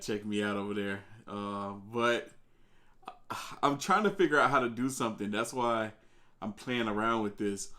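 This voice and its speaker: Male streamer, slightly low voice, easygoing chatter, greets the chat by name. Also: fairly bright tone. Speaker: live stream host. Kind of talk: casual live stream chat. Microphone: desk microphone.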